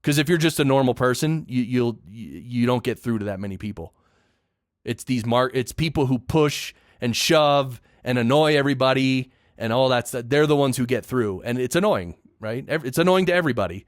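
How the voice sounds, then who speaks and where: A man's voice: medium pitch, brisk, dry recording, clean studio sound. A man hosting a solo podcast, giving a casual, opinionated rant full of emphatic repeats and blunt judgments. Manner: opinionated, emphatic ranting with repetitions. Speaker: podcast host.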